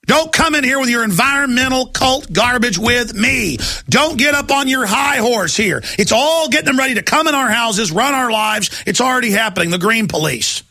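A man's voice: extremely high pitch, animated, moderate pace, hardly any pauses, pushed and bright, no room sound. A middle-aged man hosting a talk radio show, ranting in a heated, agitated monologue.

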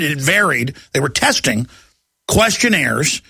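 A man's voice: fairly high pitch, animated, moderate pace, pushed and bright, slightly rough, dry recording. A middle-aged man hosting a talk radio show, ranting in a heated, agitated monologue.

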